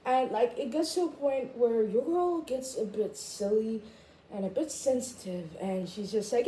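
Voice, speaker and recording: A woman in a casual rant to camera as a vlogger, chatty and full of "like", jumping high in pitch when she quotes herself. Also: lively intonation, moderate pace, warm tone. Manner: chatty, full of "like" and "I was just like". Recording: echoey room, faint background noise.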